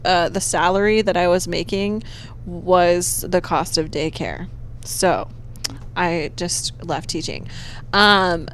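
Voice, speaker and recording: A woman's voice: lowish voice, a bit bright, a little hiss or hum. Chatty nasal woman teacher. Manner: chatty, drawn-out storytelling. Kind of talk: casual chat.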